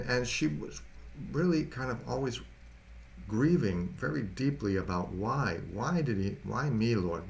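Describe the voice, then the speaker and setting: A man, a pastor, giving a storytelling sermon in a halting, conversational way, often repeating words. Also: medium pitch, gravelly, slight background noise.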